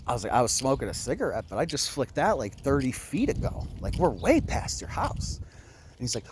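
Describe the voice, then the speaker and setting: A young man vlogging on a walk outdoors, retelling a run-in in an animated way and acting out both sides. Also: mid-range voice, normal speed, a little hiss or hum. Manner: animated, laughing, retells with quoted voices. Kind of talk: casual storytelling.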